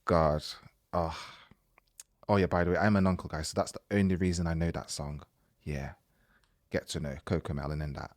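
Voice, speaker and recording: A man's voice: low-pitched, no echo, studio quality. A young man hosting a podcast, reading a listener's story aloud in a casual, chatty way and often breaking off to comment.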